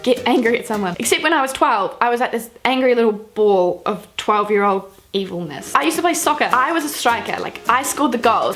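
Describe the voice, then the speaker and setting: Chatty high-voiced young woman vlogger. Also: a bit bright. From New Zealand. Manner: chatty, self-mocking, giggly. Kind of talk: casual storytelling to camera.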